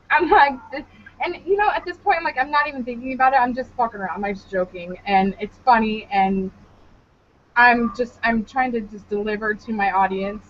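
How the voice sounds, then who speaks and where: A woman's voice: a little high, moderate pace, slight background noise. A young woman co-hosting a podcast, telling a story in a loose, profane, laughing way. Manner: animated, profane, laughs a lot. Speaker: podcast co-host. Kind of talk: casual comedic storytelling. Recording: dull lo-fi podcast audio.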